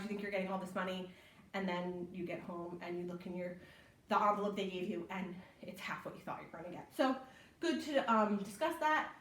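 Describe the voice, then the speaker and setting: A woman's voice: medium pitch, far from the mic. A young woman giving a casual online class on babysitting, chatty with lots of ums and a habit of asking "right?". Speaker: library program instructor. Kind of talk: casual teaching talk. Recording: echoey room.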